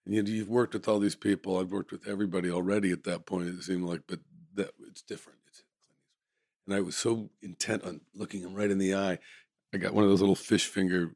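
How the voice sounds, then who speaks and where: A man's voice: low-pitched, little pitch movement, fast talker, vocal fry, darkish tone, no echo, studio quality. A man, an actor, casually telling rambling, amused stories from a film shoot, often restarting his sentences. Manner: rambling, self-correcting, amused. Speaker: actor guest. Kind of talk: casual anecdotal storytelling.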